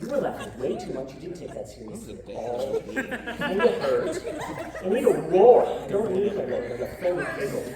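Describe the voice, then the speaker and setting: A woman comedian doing a lively live storybook reading, with joking asides and coaxing the audience to join in. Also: lowish voice, moderate pace, crowd noise. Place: live show venue with audience. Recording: echoey room, far mic, audience noise.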